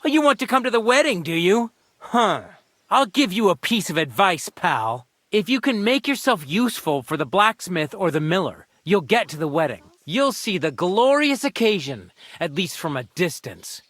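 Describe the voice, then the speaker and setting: An actor playing a cocky village bully in a video game, taunting and sarcastic. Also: male voice, high voice, big pitch swings, moderate pace, a bit bright, no echo, clean studio sound, full character voice. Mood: mocking. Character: mocking male village bully, scornful and cocky.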